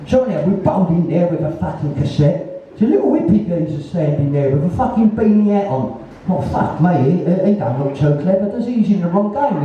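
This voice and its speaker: A man's voice: high voice, dark tone, a little hiss or hum. An older man with a Cockney accent telling blunt, swearing, laughing anecdotes on stage at a live conversation event. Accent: Cockney, East London. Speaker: interviewee, punk musician. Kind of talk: casual storytelling on stage. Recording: echoey hall, distant lo-fi mic.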